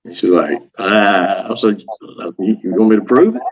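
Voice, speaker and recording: A man's voice: on the low side, normal speed. A man from Louisiana with a Southern accent, chatting as an interview guest and acting out what people said, laughing often. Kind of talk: casual storytelling. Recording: dull lo-fi audio.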